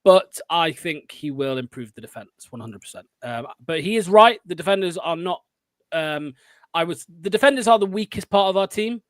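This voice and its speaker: A man's voice: high-pitched, expressive, normal speed, dry recording. A man co-hosting a fan podcast, confident and chatty, with frequent fillers. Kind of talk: casual football fan chat.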